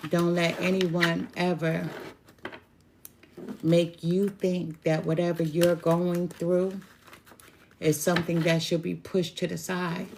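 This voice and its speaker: A woman's voice: on the low side, creaky, darkish tone, a little hiss or hum. A middle-aged woman tarot reader chatting casually and bluntly with viewers, with laughing asides. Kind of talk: casual spiritual chat to viewers.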